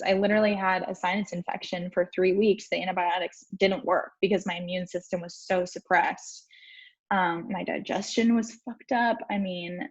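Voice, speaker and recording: A young female life coach tells viewers her personal story during a live stream, candid and casually profane. She speaks on the low side with a breathy edge, heard through dull, lo-fi stream sound.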